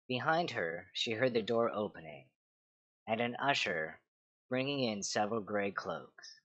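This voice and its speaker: A man reading a fantasy story aloud in a steady, measured way. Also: fairly low pitch, no echo, highs cut off. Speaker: reader of game lore books.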